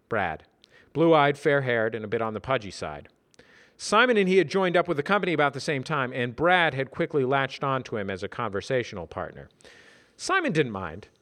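A man narrating a story in a dry, measured reading. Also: medium pitch, fairly bright tone. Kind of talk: audiobook reading.

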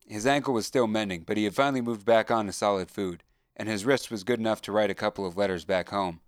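Low-voiced man narrating a somber story. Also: quick pace, clear, resonant tone, no echo. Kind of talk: audiobook narration.

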